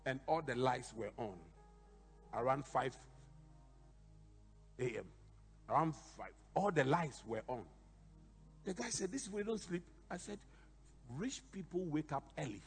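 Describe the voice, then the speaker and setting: A bishop preaching a sermon, telling animated stories with sudden shouted emphasis. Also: male voice, fairly high pitch, breathy edge, in a large hall.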